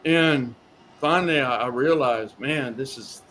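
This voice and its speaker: A man, a guest in an interview telling his story in a rambling, animated way, repeating words as he goes. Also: mid-range voice, measured pace, a little hiss or hum. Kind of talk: storytelling in a talk show interview.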